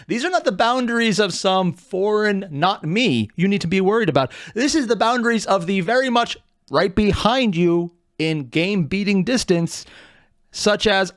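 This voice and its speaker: A man hosting a reaction video, talking casually with lively swearing and laughing asides. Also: sits high, normal speed, no echo, studio quality.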